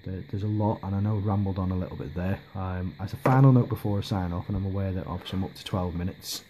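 Male vlogger, mellow and low, hesitant, casual rambling delivery. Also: fairly even intonation, quick pace, slight background noise. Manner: hesitant, lots of ums and restarts. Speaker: miniature hobby vlogger.

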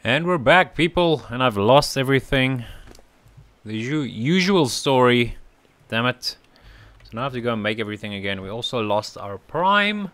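A man's voice: mid-range voice, expressive, moderate pace, a bit bright. A man hosting a casual let's-play, chatting to viewers and talking affectionately to his in-game creatures with small laughs. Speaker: gaming channel host.

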